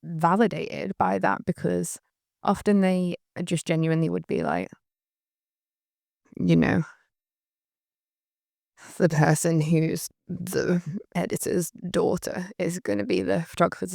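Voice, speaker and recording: A woman's voice: lowish voice, fairly even intonation, unhurried, vocal fry, pauses often, dark tone, no echo, clean studio sound. Chatty woman, light northern English accent. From Northern England. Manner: chatty, rambling, laughs often, many "like" fillers. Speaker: photographer recalling her career. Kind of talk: candid anecdotal monologue.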